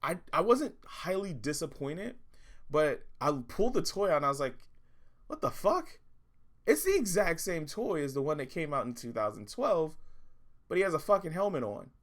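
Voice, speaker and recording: A man's voice: on the high side, animated, moderate pace. A man hosting a toy review vlog, ranting in frustration and swearing often. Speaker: toy reviewer, channel host.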